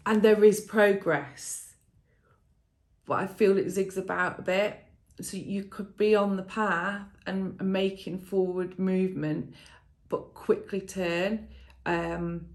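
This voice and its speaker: A woman giving a tarot reading to viewers in a casual, emotional way, often laughing softly and thinking aloud with fillers and restarts. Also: medium pitch, vocal fry. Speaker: tarot reader.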